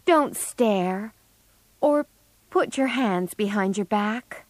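A woman's voice: mid-range voice, slow, dry recording. A woman voicing an eager, fussy teenage girl in a storybook reading. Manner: excited, pleading.

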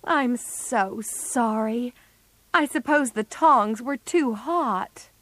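A woman voicing a blunt, clumsy tomboyish teenage girl, talking slowly and plainly. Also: on the low side, animated, a bit bright, no echo. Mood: remorseful. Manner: slow, plain, rueful.

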